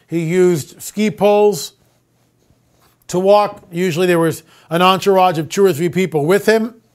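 High-voiced man telling a story. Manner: conversational storytelling, addresses listeners as folks. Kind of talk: conspiracy talk monologue.

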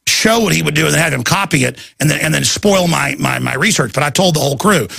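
A man's voice: on the high side, fast talker, gravelly, pushed and bright, husky, dry recording. A man hosting a talk show, delivering a heated, emphatic and urgent radio monologue.

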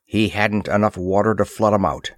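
A man's voice: lowish voice, fairly even intonation, moderate pace, no room sound, clean studio sound, close to an everyday voice. A man voicing a decisive male adventure hero, speaking firmly in a storybook reading. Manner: firm, decisive.

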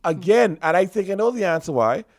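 A man co-hosting a casual talk show, animated, his voice jumping high when he makes a point. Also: a little fast, no echo, clean studio sound. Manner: animated, pitch jumps high when emphatic. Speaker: podcast co-host. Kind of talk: casual chat.

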